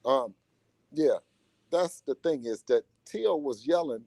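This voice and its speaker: A man talking casually in an interview as a boxer's father and manager, animated and slangy, often repeating himself. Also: a little high, takes it slowly, vocal fry, dry recording.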